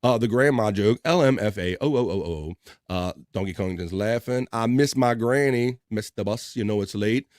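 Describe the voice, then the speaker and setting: A man's voice: fairly low pitch, normal speed, darkish tone, dry recording, clean studio sound. Joking man hosting a livestream. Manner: jokey, laughs often, reads chat aloud. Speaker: livestream host. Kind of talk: casual chat reading viewer comments.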